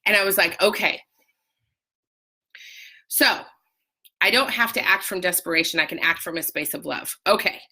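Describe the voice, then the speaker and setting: A woman talking casually to viewers in a live video, telling an emotional personal story with animated, sudden high outbursts and greeting viewers by name. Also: normal speed, pauses often, husky. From Utah. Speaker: life coach sharing a personal story.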